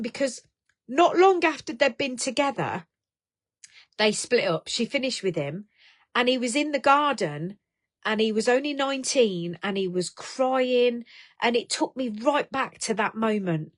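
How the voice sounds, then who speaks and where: A woman's voice: on the high side, expressive, a little slow. Blunt, chatty middle-aged Englishwoman. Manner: blunt, chatty, swears freely, tough-love pep talk. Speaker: live stream host. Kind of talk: casual live stream chat.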